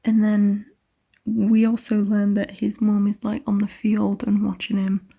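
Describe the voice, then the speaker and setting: A woman's voice: mid-range voice, completely flat delivery, measured pace, creaky, warm tone, husky. A young woman casually recapping a novel for her reading vlog, chatty and swearing freely, often dropping into a whisper. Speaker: book vlogger.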